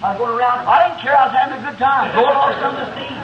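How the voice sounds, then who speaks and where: A man preaching a revival sermon, telling a story in a fervent, folksy way that rises to shouts, recorded on an old 1960s tape in a meeting hall. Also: extremely high pitch, quick pace, dull audio, a crowd in the background.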